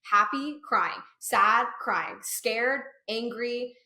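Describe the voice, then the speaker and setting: A woman's voice: fairly high pitch, extremely slow. A young woman guest, an actress, talking openly and with self-mocking humor in casual chat. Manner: open, self-mocking, expressive. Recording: roomy echo.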